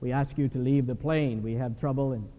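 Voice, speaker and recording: A man preaching puts on a stoic male airline pilot with a Scandinavian accent, clipped and low. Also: fairly even intonation, brisk, lightly acted. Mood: announcing. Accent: put-on Scandinavian. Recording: dull recording with long hall reverb.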